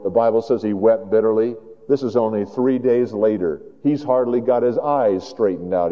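A man preaching a sermon in an animated way, moving between loud emphasis and hushed tones. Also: medium pitch. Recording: dull lo-fi sound with long hall reverb.

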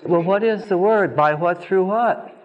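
A man's voice: high-pitched, measured pace, lo-fi sound, a crowd in the background. A man teaching a Bible study class, firing pointed questions at his students and answering them himself.

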